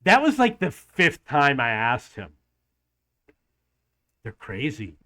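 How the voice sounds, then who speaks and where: A man's voice: mid-range voice, wildly swooping pitch, slow pace, bright, forceful tone. A man telling a story in a casual, exasperated rant, acting out bits of dialogue as he goes. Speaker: travel vlogger.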